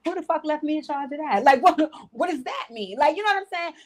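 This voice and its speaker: A woman's voice: high voice, animated, quick pace. A woman in her forties hosting a casual livestream chat, telling stories with lots of profanity and acted-out quotes. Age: 40s. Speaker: livestream gossip host.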